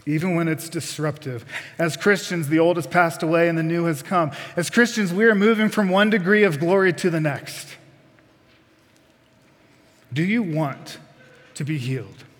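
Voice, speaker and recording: A man delivers a sermon in a fairly high voice, pressing the congregation with direct questions and folksy asides. His words ring out with the long reverb of a church sanctuary. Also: fairly bright tone. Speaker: preacher.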